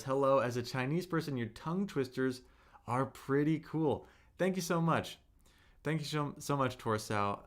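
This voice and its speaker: A man teaching a live-streamed Mandarin lesson, patiently drawing out tone drills and answering chat questions. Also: medium pitch. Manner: slow, patient, drawn-out tone demonstrations.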